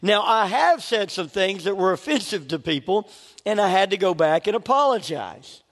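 His voice is high and fairly bright, swinging widely in pitch at a moderate pace. The middle-aged man is giving a sermon in a church sanctuary, talking casually, joking and laughing at himself, captured with a large hall's lengthy reverb.

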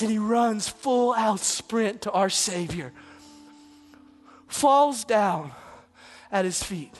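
A preacher delivering a dramatic sermon, moving between loud passages and hushed, almost whispered asides. The voice sits in a middle pitch, with soft music playing far behind. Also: slow pace, pauses often.

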